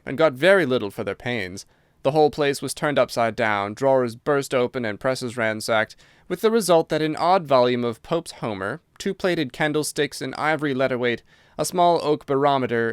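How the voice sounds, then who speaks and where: A man voicing a hearty old military colonel who talks in a brisk, forthright way. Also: medium pitch, animated, clean tone, no echo, clean studio sound, close to an everyday voice.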